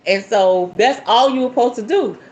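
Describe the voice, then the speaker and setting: A woman's voice: a little high, moderate pace, darkish tone. A woman with a Southern American accent hosting a casual spiritual talk, chatty and folksy and breaking into laughter. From Southern United States. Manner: chatty and folksy, calls listeners y'all and baby, bursts of laughter. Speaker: spiritualist host. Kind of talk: casual live talk answering viewer questions.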